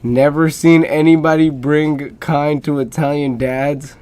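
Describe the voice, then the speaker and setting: Male streamer, reaction commentary; hype and slangy, talks to the screen, unhurried. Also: on the high side, little pitch movement, darkish tone, smooth.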